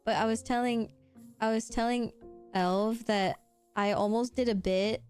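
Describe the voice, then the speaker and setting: A young woman chats casually on a live stream while drawing, rambling and swearing lightly. Her voice sits a little high and sounds smooth and clean. Faint music plays underneath. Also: unhurried. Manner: chatty, rambling with frequent "like" and laughs.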